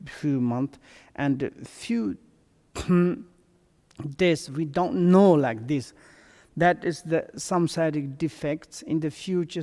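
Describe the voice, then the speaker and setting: Man, Tibetan first language, Buddhist teacher, broken halting English, unhurried, long hall reverb. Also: on the high side, warm tone. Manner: broken non-native English, halting restarts. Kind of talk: dharma teaching.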